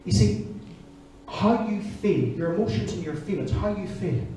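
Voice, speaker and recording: A man in his forties preaching a sermon, telling stories in an animated way. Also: high-pitched, moderate pace, slight background noise. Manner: animated storytelling, acting out voices. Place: church service. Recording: echoey church hall from far off.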